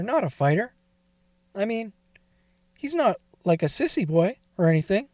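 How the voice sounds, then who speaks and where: High-voiced man reading a confessional tale. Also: lively intonation, normal speed, a little mellow, no room sound, clean studio sound. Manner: confessional, wavering emotional delivery. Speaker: narrator. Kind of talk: first-person dramatic story reading.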